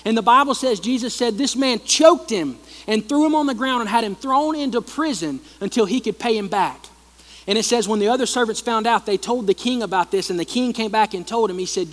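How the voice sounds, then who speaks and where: Male pastor, high-pitched, conversational sermon delivery with repetition, long hall reverb. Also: moderate pace. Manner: conversational preaching, animated retelling with repeated phrases. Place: church hall.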